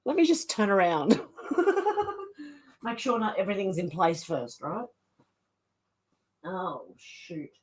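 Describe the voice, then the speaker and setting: An Australian woman hosts a livestream, casually chatting as she reads viewer comments aloud and reacts to them. Her voice sits on the low side and sounds slightly rough, with lively intonation and an unhurried pace broken by frequent pauses.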